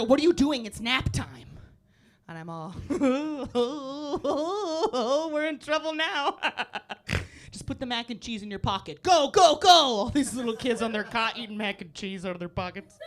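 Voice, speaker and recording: A young woman performing a live stand-up set, animated and giggly, jumping to squeaky high voices when she acts out the kids. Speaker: stand-up comedian. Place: comedy club stage.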